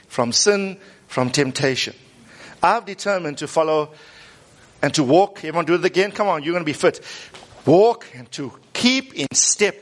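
A man preaches a sermon to his congregation. His voice sits slightly high and rises and falls with energy. He prompts the room to repeat phrases and chuckles at his own asides. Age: 50s. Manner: animated, coaxing the congregation to repeat after him, laughing at himself. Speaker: pastor.

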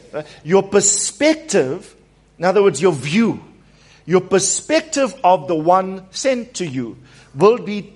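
A pastor with a high voice preaches to his congregation. He slows right down to stress a point and has the church repeat his phrases back to him. His delivery is a steady, emphatic sermon.

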